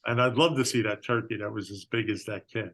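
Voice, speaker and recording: A man's voice: fairly low pitch, steady tone, a little fast, a bit bright. An older man co-hosting a podcast, talking in a casual, hesitant way with many restarts. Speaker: podcast co-host. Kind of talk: casual chat.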